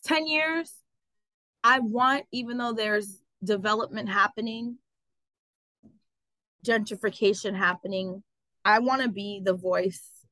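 A woman telling her story as an interview guest, animated and full of fillers like "like" and "um". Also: medium pitch, takes it slowly, pauses often, no room sound, rough recording. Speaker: guest, travel business owner. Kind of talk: casual interview.

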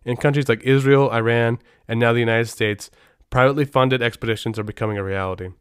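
A man's voice: mid-range voice, steady tone, quick pace, smooth, dry recording, clean studio sound. A middle-aged man hosting a podcast, telling stories in a rambling way with many restarts. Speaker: podcast host. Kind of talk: casual podcast storytelling.

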